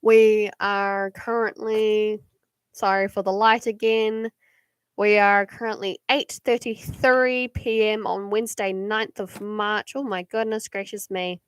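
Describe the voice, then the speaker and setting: A young woman with a New Zealand accent reads cards on a live stream at home at night, chatting to viewers in a rambling style with many fillers and giggles. Her mid-range voice is clear and resonant but flat and slow, on a dry, studio-quality recording.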